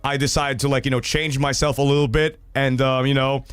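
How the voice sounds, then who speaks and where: A young adult man hosting a casual livestream, reading viewer stories and reacting in an animated, rambling way with lots of fillers and swearing. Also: mid-range voice, brisk, clear, resonant tone, dry recording.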